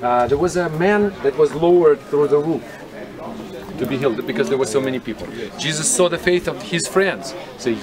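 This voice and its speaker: Over music, a man with a slightly high voice talks a little fast as he guides a tour outdoors at a historic site. He keeps it casual, asking the group questions as he explains, with crowd noise and chatter around him.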